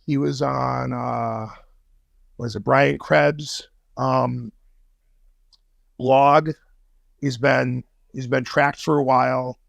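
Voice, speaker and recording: Gravelly-voiced man telling a street-slang story. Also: mid-range voice, fairly even intonation, extremely slow, pauses often, dry recording. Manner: swears freely, loose street slang. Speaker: podcast guest. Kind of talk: casual interview storytelling.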